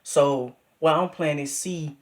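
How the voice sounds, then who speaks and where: A man's voice: fairly high pitch, unhurried. Young man coaching trumpet technique. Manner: coaching, repeats key points, counts beats aloud. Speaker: music teacher. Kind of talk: casual trumpet lesson.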